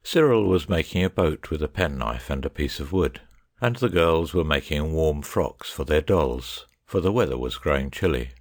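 A man reading a children's story aloud in measured narration. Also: a bass voice, animated, no echo, studio quality. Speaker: audiobook narrator. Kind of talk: scripted narration.

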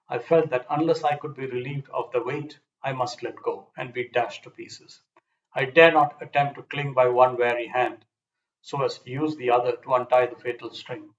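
A man reading a nineteenth-century moral story aloud in an earnest, measured storybook manner. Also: mid-range voice, rough recording. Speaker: audiobook reader. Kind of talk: scripted narration.

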